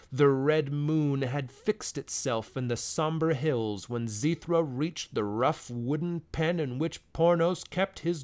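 Male storyteller, slightly high voice, measured dramatic read of fantasy fiction. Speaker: audiobook narrator.

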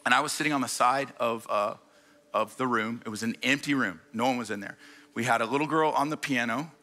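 A man preaching a sermon in a church, telling stories with energy and quick repeated restarts. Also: mid-range voice, bright, forceful tone. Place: church stage before a congregation.

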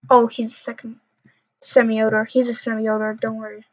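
Mumbling and trash-talking other players, a young female gamer offers rambling, casual commentary on her gameplay. She sounds on the high side with a flat delivery at a moderate pace, and the lo-fi recording is dull.

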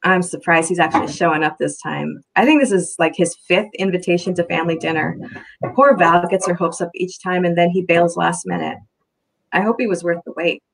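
A woman voicing a bubbly, sociable young woman who talks loudly and teases cheerfully in a storybook reading. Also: lowish voice, steady tone, fairly quick, vocal fry. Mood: gossipy. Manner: loud, cheerful, teasing.

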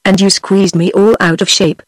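A woman's voice: mid-range voice, flat delivery, moderate pace, breathy edge, no room sound, close to an everyday voice. A woman with a British English accent, a synthetic voice, reading the curt lines of a short, fat, grave bandit man.

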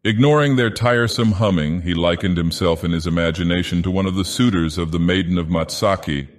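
Low, slow-reading male narrator. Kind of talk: audiobook narration in a game villain persona.

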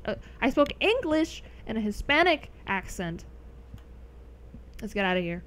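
A woman's voice: fairly high pitch, very animated, unhurried, a bit bright, a little hiss or hum. A young adult woman streaming a game, chatting casually with viewers, rambling and laughing often. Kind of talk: casual live-stream chat over gameplay.

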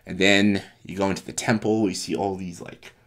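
A man casually retelling a story, animated, laughing and swearing as he goes. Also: low voice, moderate pace. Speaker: video creator.

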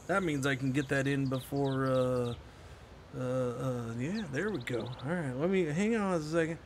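A man's voice: mid-range voice, moderate pace, slight background noise. A man casually commenting on his own gameplay during a live stream, talking to himself and sarcastically answering chat. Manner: chatty, self-talking, sarcastic asides to chat.

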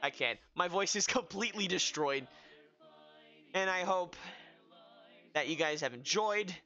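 A young man giving excitable, self-mocking commentary while playing a video game, often yelling. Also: sits high, measured pace. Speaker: gaming video host. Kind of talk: live let's-play commentary. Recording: dull lo-fi with game music behind.

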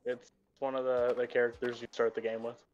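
A man chatting over a voice call while gaming with a friend, teasing her in a dry, deadpan way. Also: medium pitch, fairly quick, lo-fi sound.

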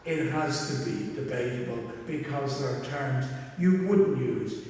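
A man's voice: medium pitch, lively intonation, measured pace, a little mellow, a little hiss or hum. A man preaching a sermon as a minister, chatty and humorous, with asides. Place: church. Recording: echoey church hall from far off.

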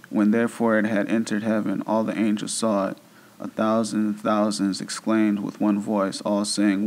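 A man giving a slow, solemn reading of an old religious text. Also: fairly low pitch, flat delivery, a little mellow, poor audio. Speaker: scripture reader.

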